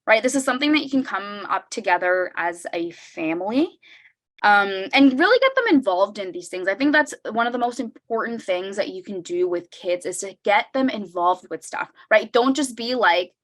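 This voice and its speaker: A woman's voice: mid-range voice, lively intonation, normal speed. Young woman, video-call workshop presenter, conversational, keeps checking in with listeners, mid-range voice. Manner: conversational, tags sentences with "right?"; acts out parent lines in brighter voices. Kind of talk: online parenting workshop talk.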